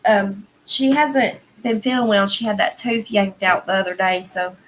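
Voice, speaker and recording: A woman's voice: medium pitch, fairly even intonation, normal speed, a little hiss or hum, rough recording. A woman with a Southern American accent hosting a casual livestream, chatting in a rambling way and answering viewers' comments. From Southern United States. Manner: rambling, chatty, heavy use of "like" and "y'all".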